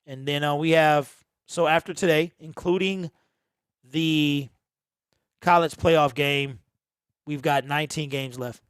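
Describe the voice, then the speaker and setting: A laid-back man with a fairly high voice hosts a live watch-party stream, answering viewer comments in a loose, chatty way. The sound is dry and close, with no room echo. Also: steady tone, slow, long pauses, fairly bright tone, smooth. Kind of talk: casual live commentary over a game.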